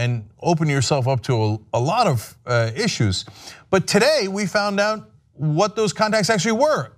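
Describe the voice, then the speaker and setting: A man giving sarcastic political commentary in a mocking manner. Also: a little high.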